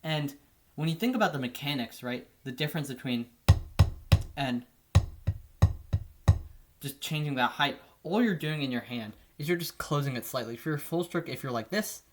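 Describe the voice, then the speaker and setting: A man teaching drum technique in a relaxed, casual way, often checking in with "right?". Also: a little high, brisk, music in the background. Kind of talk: casual instructional explanation.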